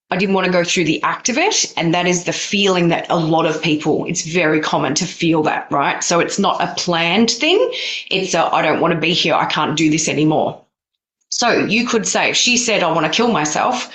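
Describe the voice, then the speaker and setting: A woman's voice: on the low side, fairly bright tone. A middle-aged woman teaching practitioners in a blunt, no-nonsense, conversational way during a training session. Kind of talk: recorded training session for students.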